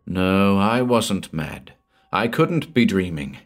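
A man narrating a horror story in a measured, brooding audiobook style. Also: sits low, sing-song, soft background music.

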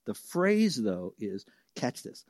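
A man preaching a sermon as a Bible teacher, telling homely stories and leaping up in pitch and volume for the voices he quotes, then dropping soft for the verses. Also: slow pace, dry recording, studio quality. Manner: lively storyteller who jumps high and loud for quoted voices; drops soft and low for reverent verses.

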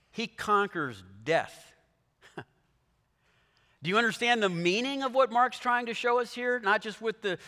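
Preacher with a bright, forceful, slightly high voice; dramatic storyteller; long hall reverb. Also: male voice. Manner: animated storytelling, dramatic shifts in volume. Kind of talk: sermon.

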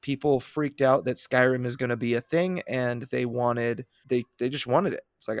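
Man, podcast host, casual chat, gravelly voice, dry close sound, energetic. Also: medium pitch, normal speed, hardly any pauses, no room sound. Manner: energetic and chatty, with frequent restarts.

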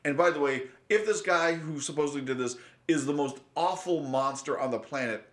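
Blunt podcast host. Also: male voice, on the high side, a little fast. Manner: blunt, profane, animated. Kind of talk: casual podcast chat.

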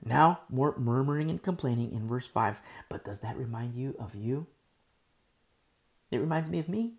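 With a sore throat, a male pastor gives an animated, conversational Bible study in a mid-range voice. He swings from loud emphasis to soft, slow talk.

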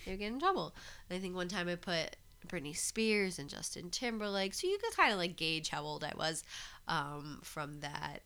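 Podcast lady gabbing away, kinda low voice but bright, laughs a lot. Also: sing-song, normal speed, vocal fry, clear, resonant tone. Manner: chatty, laughs often, many restarts. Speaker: podcast co-host. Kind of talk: casual chat.

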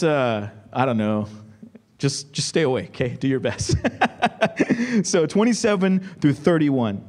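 A man's voice: a little high, a little mellow. A man preaching a sermon, reading scripture and explaining it conversationally, checking in with the congregation. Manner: reads scripture quickly, slows down for emphasis. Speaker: pastor.

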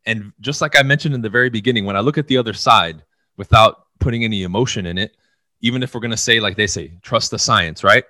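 Blunt, profane man with a bright voice. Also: on the low side, fast, no room sound. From United States. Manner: blunt, profane, animated storytelling. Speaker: podcast co-host. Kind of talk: casual podcast chat.

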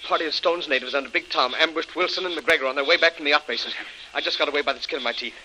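A frightened survivor blurting out bad news in a vintage radio serial. He talks extremely fast in an even mid voice, very bright and edgy, with no pause for breath. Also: fairly high pitch, slight background noise, low-quality recording. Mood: urgent. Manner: urgent, rushed reporting. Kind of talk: 1940s radio acting.

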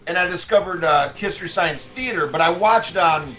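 High, bright enthusiastic co-host man. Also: normal speed, soft background music. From New Orleans, USA. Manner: rambling, enthusiastic, with many fillers. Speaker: podcast co-host. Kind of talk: casual podcast banter.

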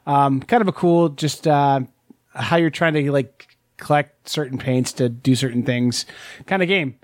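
A man's voice: mid-range voice, unhurried, dry recording, studio quality. A man co-hosting a casual board game talk, rambling with lots of fillers and restarts. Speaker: podcast co-host. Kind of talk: casual chat.

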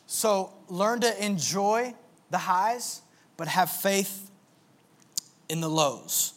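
Young male pastor with a high voice; conversational, earnest sermon delivery. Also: extremely slow. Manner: conversational, earnest, with filler words.

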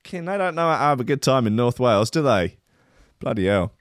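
A man's voice: mid-range voice, very animated, a little fast, no room sound, studio quality. A man hosting a casual chat show, reading out news stories with stumbles, restarts and chuckling asides. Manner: rambling, stumbling over words, chuckling asides.

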